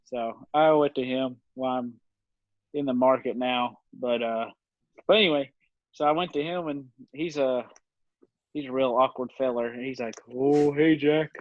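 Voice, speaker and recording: A man's voice: mid-range voice, normal speed, no room sound. Rambling young man telling stories. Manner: rambling, laughs often, lots of fillers. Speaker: podcast guest. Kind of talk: casual storytelling chat. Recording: dull, dry lo-fi recording.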